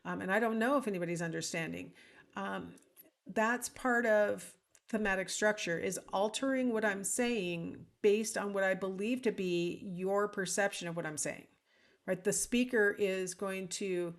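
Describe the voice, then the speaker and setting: A woman's voice: mid-range voice, unhurried. Woman lecturing casually to a recording. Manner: casual and conversational, with frequent ums and "right?"; acts out example lines in different intonations. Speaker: instructor. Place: alone at home or office, speaking to a recording.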